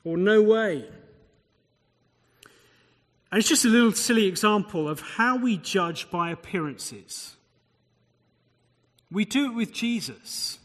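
A man's voice: high voice, animated, unhurried, a bit bright. A man preaching a sermon, explaining scripture with conversational asides and rhetorical questions. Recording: long hall reverb.

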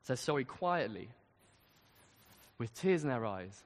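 A man's voice: medium pitch, sing-song, measured pace. A man preaching a sermon, speaking earnestly and building to emphatic questions. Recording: long reverb of a large hall.

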